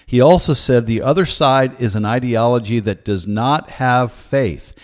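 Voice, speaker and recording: A man hosting a podcast, reading scripted commentary in an earnest, measured way. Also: medium pitch. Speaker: podcast host.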